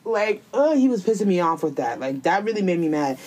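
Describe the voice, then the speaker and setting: Chatty woman with a bouncy lively voice, cussing, acting out lines from the show. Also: on the low side. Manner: animated, profane, acts out characters in quick quoted voices. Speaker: co-host recapping a TV series. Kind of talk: casual chat.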